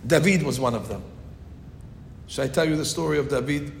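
A man's voice: fairly quick, vocal fry. A man teaching a Torah class, retelling a story animatedly and acting out the quotes in voices. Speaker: rabbi. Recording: echoey hall with faint rumble.

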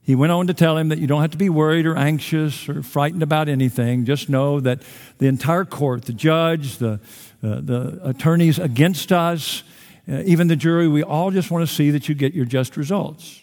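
A man's voice: on the high side, moderate pace, darkish tone. A middle-aged man, preaching a sermon with folksy, self-deprecating humor to a large church. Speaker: guest pastor. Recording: long hall reverb.

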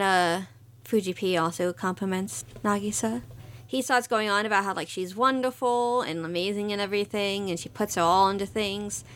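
A woman's voice: mid-range voice, a bit bright. A young woman co-hosting a podcast, chatting in an easygoing way and retelling anime scenes. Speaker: podcast co-host. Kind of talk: casual anime recap chat.

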